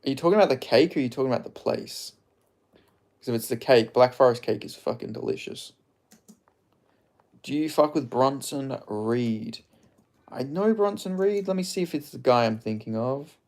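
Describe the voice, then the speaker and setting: A man's voice: mid-range voice, normal speed, creaky, darkish tone. Rambling Australian man chatting on stream. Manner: rambling, loose, heavy filler words and swearing. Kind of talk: casual live-stream chat, reading viewer comments.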